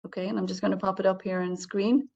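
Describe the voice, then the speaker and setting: A woman with a gravelly, dark, medium-pitched voice moves at a quick pace and fairly even intonation while presenting a healthcare communication webinar over a video call. She explains things kindly to the participants directly, and the sound is lo-fi.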